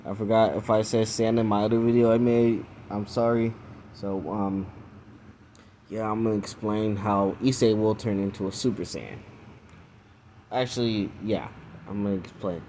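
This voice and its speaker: Young male video creator, casual fan-story retelling, hesitant, lots of ums, low mellow voice. faint hum behind. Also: poor audio. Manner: hesitant, full of fillers.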